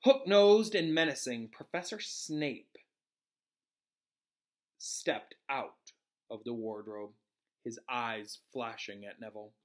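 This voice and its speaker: A male teacher reading a novel aloud to his students in an animated way, pausing to correct himself and explain. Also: medium pitch.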